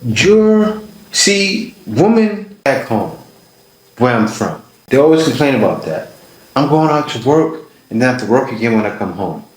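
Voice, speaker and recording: Male host, mid-pitched, blunt and lecturing, roomy echoey recording. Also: very animated, moderate pace. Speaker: commentary channel host. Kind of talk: reaction commentary to camera.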